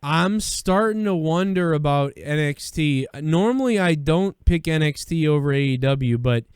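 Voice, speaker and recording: A man's voice: fairly high pitch, expressive, moderate pace, smooth, dry recording, studio quality. A man hosting a call-in show, chatting casually with loose, profane storytelling and repeated phrases.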